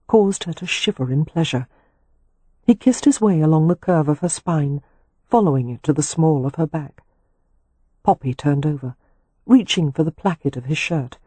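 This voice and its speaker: A man narrating a romance audiobook in a slow, sensual, measured reading. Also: fairly high pitch, warm tone, breathy edge, dry recording. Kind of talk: scripted narration.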